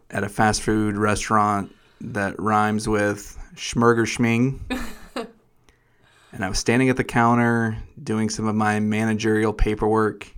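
A man's voice: lowish voice, smooth. A man hosting a casual podcast chat, playful and self-deprecating, telling stories with teasing humor. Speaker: podcast host.

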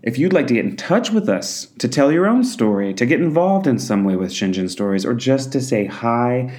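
A man's voice: mid-range voice, animated, normal speed, a little mellow. A man hosting a storytelling podcast, reading an upbeat outro. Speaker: podcast host.

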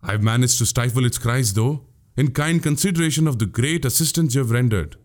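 A man's voice: mid-range voice, a little fast, a little mellow, close to an everyday voice. A man voicing a witty, boastful young male warrior in an audiobook, speaking grandly. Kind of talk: audiobook character voice.

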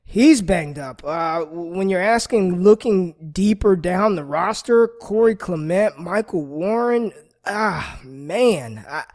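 Excited male guest with stumbling restarts. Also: sits high, slow pace. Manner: enthusiastic, hesitant with restarts. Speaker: podcast guest analyst. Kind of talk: casual chat.

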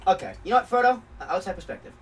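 High bright-voiced guy, bouncy delivery, kinda far from the mic with faint hiss. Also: sing-song, racing. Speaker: podcast co-host. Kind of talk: casual chat.

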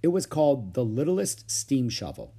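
A man reading a children's book aloud with expressive storytelling. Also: mid-range voice, moderate pace, gravelly, breathy edge. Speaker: storybook reader.

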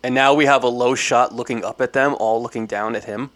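A man co-hosting an improv show, building a horror plot in animated casual chat full of fillers. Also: medium pitch, brisk. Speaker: improv podcast co-host.

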